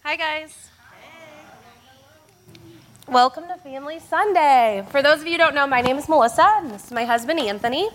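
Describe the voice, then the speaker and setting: A woman's voice: high-pitched, moderate pace, pauses often. A woman teacher leading a family church service on stage, playful and laughing as she talks straight to the crowd. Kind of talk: lively family sermon talk.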